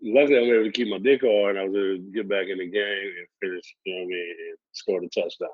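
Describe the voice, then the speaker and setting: A man's voice: low voice, fairly even intonation, fast talker, no room sound. Laid-back man telling street stories. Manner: laid-back, profane street slang, acts out quoted dialogue. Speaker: podcast guest. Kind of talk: casual storytelling interview. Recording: dry, slightly muffled audio.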